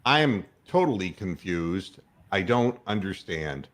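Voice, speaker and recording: A man's voice: deep voice, big pitch swings, a little slow, fairly bright tone. A man hosting a podcast, ranting sarcastically and swearing freely. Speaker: podcast host. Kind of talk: profane rant.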